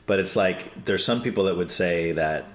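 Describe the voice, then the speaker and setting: A man hosting a casual podcast discussion, talking in an animated, storytelling way. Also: sits low, normal speed. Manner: animated storyteller, acts out quoted people. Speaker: podcast host. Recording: roomy echo.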